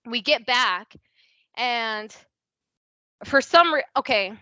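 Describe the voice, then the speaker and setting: A woman's voice: fairly high pitch, animated, slow, pushed and bright, no echo. A young adult woman telling a personal story as a guest on a casual podcast. She talks candidly, fills her sentences with "like", swears freely and acts out what people said. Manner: chatty and candid, peppers speech with "like" and swearing, acts out quoted dialogue. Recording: dry, slightly dull podcast audio.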